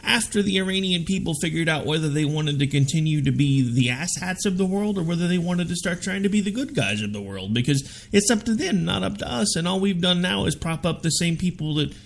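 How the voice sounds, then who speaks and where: Talk radio host, male, gravelly and a bit high, forceful opinionated debater. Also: lively intonation, a little fast, hardly any pauses.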